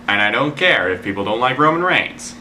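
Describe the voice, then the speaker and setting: A man's voice: medium pitch, big pitch swings, a little fast, sharp tone, slight background noise. A man giving casual spoken predictions as a video blogger, rambling and opinionated, full of "like" fillers and the odd curse. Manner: opinionated, swears in frustration.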